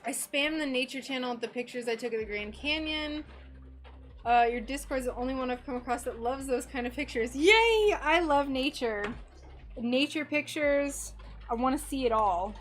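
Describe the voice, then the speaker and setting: A woman's voice: high-pitched, moderate pace. A woman chatting casually with viewers on a stained glass craft livestream, reacting to messages with a giggly, chatty manner from her workspace. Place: home craft workspace under bright lights.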